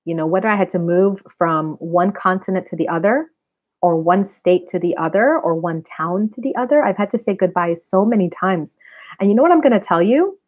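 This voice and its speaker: Low-voiced woman in her forties on a tinny line. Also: lively intonation, a little fast. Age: 40s. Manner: chatty and earnest, addresses viewers directly. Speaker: spiritual reader and wellness center owner. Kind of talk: casual live-stream chat with viewers. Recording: tinny phone-like sound.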